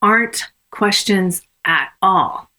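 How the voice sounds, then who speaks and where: Measured woman coach teaching. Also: medium pitch, lively intonation, bright, forceful tone. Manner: measured, reflective, with frequent ums. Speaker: coach and consultant. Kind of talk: podcast teaching on coaching conversations.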